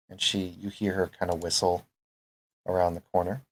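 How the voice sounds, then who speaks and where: Game master, man with a very deep voice, easygoing narration. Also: level tone, normal speed.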